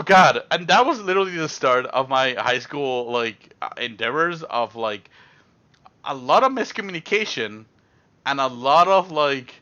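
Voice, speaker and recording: A man's voice: mid-range voice, bright, forceful tone, muffled recording. A young man telling a rambling story on a live stream, with lots of fillers and acted-out quotes.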